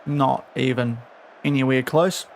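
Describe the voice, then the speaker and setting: A man's voice: medium pitch, fairly even intonation, unhurried, vocal fry, slight background noise. A young man streaming a football management game, talking casually and scolding his virtual players in exasperation. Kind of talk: casual live-stream commentary.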